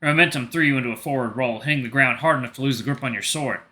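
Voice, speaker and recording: A man's voice: medium pitch, rapid-fire. A man hosting a gaming channel, reading a story game's narration aloud and commenting casually. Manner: casual reactions between steady narration.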